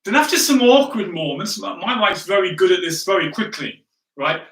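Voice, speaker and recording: A man's high, sing-song voice, a bit bright and at normal speed, carries a pastor's sermon. He narrates chattily and self-mockingly, often checking in with "right?", captured from afar in a room full of echo.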